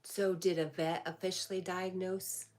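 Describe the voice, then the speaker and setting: A woman's voice: fairly low pitch, little pitch movement, unhurried, darkish tone. A woman hosting a casual livestream, reading viewer comments aloud and answering them in a chatty way. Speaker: livestream host. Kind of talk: casual live chat.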